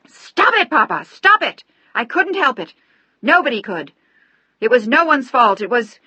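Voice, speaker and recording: A woman's voice: lowish voice, a little slow, no room sound. A woman voicing a grieving young widow who speaks in faltering, tearful, barely audible words, in an audiobook. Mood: pleading outburst.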